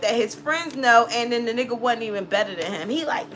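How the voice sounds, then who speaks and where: A woman's voice: on the high side, animated, brisk, hardly any pauses, a bit bright, a little hiss or hum. Blunt, profane woman telling a story. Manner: blunt, profane, frequent laughter. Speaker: tarot reader. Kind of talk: casual storytelling.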